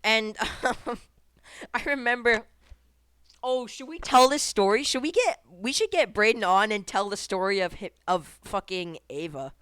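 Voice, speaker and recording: A woman's voice: mid-range voice, unhurried, a bit bright, smooth, dry recording. A woman co-hosting a casual podcast, telling stories in a rambling way, swearing often and breaking into laughter. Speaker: podcast co-host. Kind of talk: casual storytelling chat.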